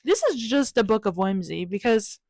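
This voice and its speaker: A woman's voice: mid-range voice, expressive, moderate pace, gravelly, a little mellow, dry recording. A young woman vlogger talking casually and upbeat through her journal pages, with a chatty, self-mocking manner.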